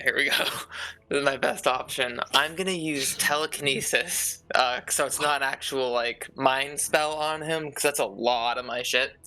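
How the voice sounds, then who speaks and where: A man playing a tabletop game, excitable and swearing freely, laughing often as he plans his moves. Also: medium pitch. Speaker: player. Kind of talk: tabletop game play, casual.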